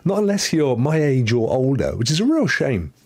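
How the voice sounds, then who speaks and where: Husky chatty man. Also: medium pitch, sing-song, normal speed, a little mellow. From London. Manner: chatty, rambling, drops into whispered asides. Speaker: host. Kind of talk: casual live-stream chat.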